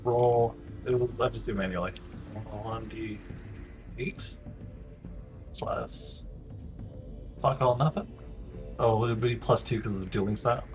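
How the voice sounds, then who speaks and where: A man's voice: mid-range voice, steady tone, measured pace, long pauses, a little mellow, lo-fi sound, faint music behind. A man playing a tabletop game, casual, groaning at mishaps and checking rules aloud. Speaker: player.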